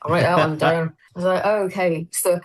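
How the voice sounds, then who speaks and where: A woman's voice: on the low side, fairly even intonation, fairly quick, poor audio. Rambling woman telling stories. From Scotland. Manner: rambling, self-deprecating storytelling. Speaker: comedian guest. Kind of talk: casual chat.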